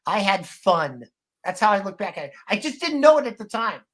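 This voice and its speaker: A man's voice: high voice, animated, fast, fairly bright tone. Older guy guest on a livestream, rambly candid storytelling, casual. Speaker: guest musician. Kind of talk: casual live-stream chat.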